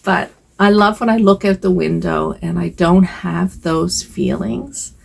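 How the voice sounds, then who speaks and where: A woman's voice: on the low side, measured pace, vocal fry, a little hiss or hum. An older woman vlogging from home in a rambling, hesitant casual chat, with sighs and fillers.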